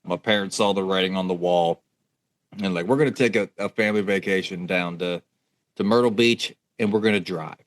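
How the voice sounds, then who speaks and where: Wv guy in his 30s, lowish voice, chatty storyteller, lots of restarts n laughs. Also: a little fast. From West Virginia. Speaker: podcast co-host. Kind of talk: casual storytelling chat.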